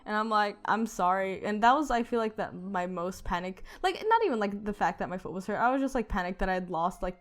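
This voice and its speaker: A woman's voice: medium pitch, animated, fast talker, few pauses. Rambling woman telling a storytime vlog. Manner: rambling, filler-heavy, swearing. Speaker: storytime youtuber.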